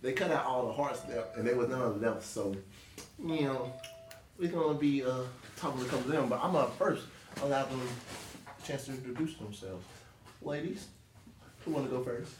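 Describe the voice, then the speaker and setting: A man hosts a podcast interview as a casual chat, joking and laughing often. He has a mid-range voice, speaks fairly quickly with long pauses, and the recording is roomy, with a distant mic and faint noise.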